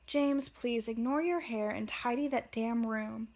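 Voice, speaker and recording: A woman's voice: on the high side, unhurried, darkish tone. A woman reading the lines of a firm, busy mother scolding her children.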